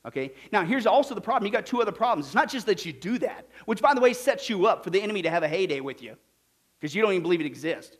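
A man's voice: sits high, sing-song, rapid-fire, slightly rough. A man preaching a sermon, reading verses and putting emphatic questions to the congregation. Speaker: pastor.

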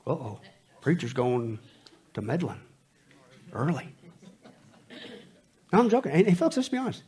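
A man preaching a sermon, animated and joking, dropping from loud bursts to hushed lines. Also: a little high, breathy edge. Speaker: pastor.

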